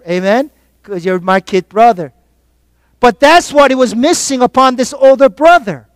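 A man preaching a sermon to his congregation, calling out for responses and swinging between quiet reflection and loud exhortation. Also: sits high, no echo. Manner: call-and-response preaching, rising and falling in force. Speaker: pastor.

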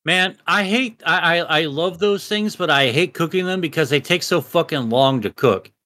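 A man's voice: on the high side, moderate pace, pushed and bright, no room sound, studio quality. A man in his thirties, a podcast co-host, chatting casually and ranting with lots of swearing. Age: 30s. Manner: profane, emphatic rants. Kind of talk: casual chat.

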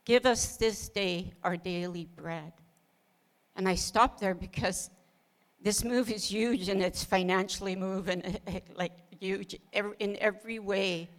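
A woman's voice: medium pitch, fairly even intonation, slow. A middle-aged woman co-hosting a casual ministry talk, telling her story with earnest feeling, often laughing and quoting her own prayers. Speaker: pastor's wife, co-host.

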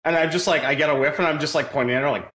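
A man's voice: fairly high pitch, very fast, reverberant, over a noisy crowd. A man on a podcast telling a funny anecdote in casual chat, laughing as he goes.

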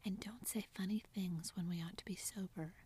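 A woman's voice: mid-range voice, fairly even intonation, mellow, a little hiss or hum, natural voice. A woman voicing a blunt, tomboyish young woman who lectures, in a whispered role-play. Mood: scolding. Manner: whispered, brisk and scolding.

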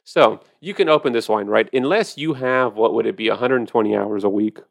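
A man's voice: fairly low pitch, fairly quick, creaky, dry recording, clean studio sound. A man hosting a podcast, chatting casually and animatedly about wine, with profane storytelling. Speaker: podcast host.

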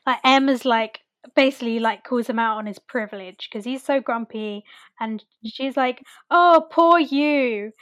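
A young woman chatting casually, acting out quotes in animated voices. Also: a little high, normal speed, dull audio. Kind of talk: casual podcast chat.

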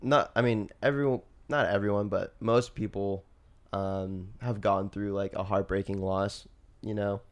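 A man's voice: lowish voice, fairly even intonation, a little slow. A young man co-hosting a casual podcast chat, rambling with lots of fillers and restarts, laughing often. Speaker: podcast co-host.

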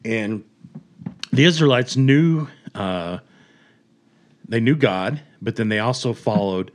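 A man casually retelling a story on a podcast, animated, chuckling and acting out quotes. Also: mid-range voice, slow pace. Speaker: podcast host.

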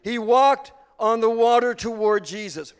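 A man preaching an earnest sermon, slowing down for emphasis and rising to fervor. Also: very high-pitched, animated, smooth, in a large hall. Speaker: pastor.

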